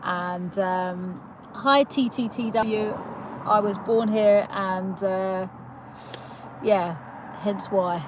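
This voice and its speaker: A chatty young British woman runs a relaxed livestream, giggling often, with a filler or a restart in almost every line. Her voice sits at an everyday middle pitch, and a faint hum of background noise runs underneath. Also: drawn-out words, pauses often. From United Kingdom. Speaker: livestream host. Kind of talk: casual live chat greeting viewers.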